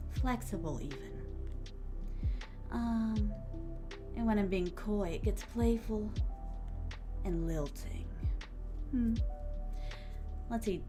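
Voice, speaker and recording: A woman streamer musing aloud as she writes, trying out words and chatting casually with her viewers. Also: mid-range voice.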